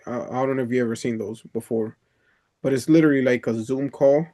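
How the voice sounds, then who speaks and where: A man's voice: medium pitch, brisk, mellow. A man with a mid-range voice talks on a video call with his coach. He is from the Dominican Republic and tells stories loosely, breaking into laughter and peppering his talk with "bro" and swearing. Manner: chatty storyteller, laughs often, swears, says "bro" a lot. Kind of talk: casual chat on a coaching call.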